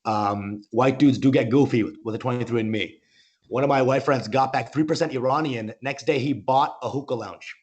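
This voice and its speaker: A man doing animated, rambling stand-up comedy over a video call, often tossing in "okay?" and "oh my God". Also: medium pitch, brisk.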